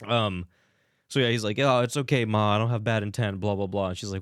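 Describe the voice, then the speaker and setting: A man's voice: on the low side, steady tone, fairly quick, smooth, dry recording, clean studio sound. A man co-hosting a podcast, recapping a reality show in a loose, profane way, with lots of fillers and quoted voices. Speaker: podcast co-host.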